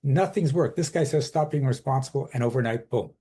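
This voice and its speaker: Male coach, podcast guest; mellow, slightly husky tone, emphatic and explanatory. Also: mid-range voice, brisk. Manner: emphatic, explains with quoted inner dialogue. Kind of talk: conversational podcast interview.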